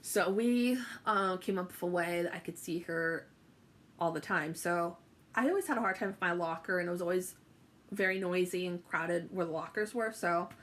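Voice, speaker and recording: A woman's voice: on the low side, normal speed, a bit bright. A young woman telling a personal story to camera, chatty and emotional, with many fillers and restarts. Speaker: vlogger.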